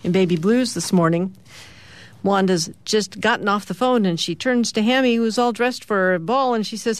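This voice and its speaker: A middle-aged woman, a radio host, describing the morning's comic strips aloud in a lively storytelling way. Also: mid-range voice, normal speed, no echo. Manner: lively storytelling, lifting her voice for characters' lines.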